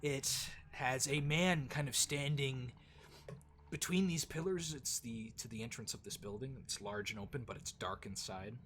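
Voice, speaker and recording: A man's voice: mid-range voice, normal speed, fairly bright tone, slight background noise. A man narrating a tabletop role-playing game as game master, in a casual, descriptive way with frequent fillers.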